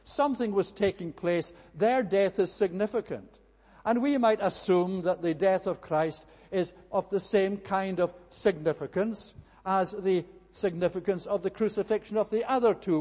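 A man delivering a sermon as a minister, earnest and emphatic, often pausing with "eh" between phrases. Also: high-pitched, darkish tone. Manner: earnest, emphatic preaching with frequent "eh" fillers. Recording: long reverb of a large hall.

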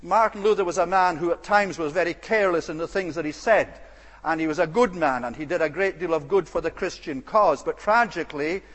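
A man preaching a sermon in a measured, earnest way, stacking repeated phrases for emphasis and pausing on small "eh" fillers. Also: a little high, a bit bright. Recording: long hall reverb.

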